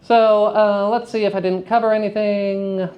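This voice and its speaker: A man teaching young actors in a lively, playful lecture, joking with the students. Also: high voice, moderate pace, smooth, highs cut off. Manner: lively, playful, jokes with audience. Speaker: theater teacher. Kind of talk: lecture to high school students. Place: school hall with audience.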